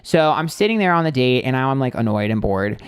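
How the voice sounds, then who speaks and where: A man's voice: medium pitch, expressive, a little fast, clear, resonant tone, no room sound, clean studio sound. A young man hosting a tarot livestream, telling a date story in a blunt, sarcastic, gossipy way with plenty of fillers. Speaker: tarot reader and livestream host.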